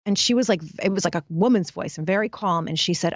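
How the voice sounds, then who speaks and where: This fairly low-pitched woman talks fast in a dry recording with the highs cut off. A happiness expert appearing as a guest, she tells a dramatic personal story in a candid interview, speaking intensely and right to the listeners.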